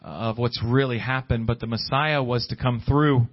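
A man's voice: mid-range voice, steady tone, normal speed, highs cut off. A man preaching a sermon, often restarting his words and building in fervor. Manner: repetitive restarts, rising fervor.

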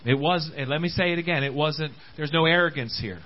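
A man's voice: a little fast, muffled recording. Preacher man, rising and falling. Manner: swings between loud rising exhortation and quiet low asides; repeats words and restarts phrases, with frequent amens. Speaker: pastor. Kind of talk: sermon. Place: church service.

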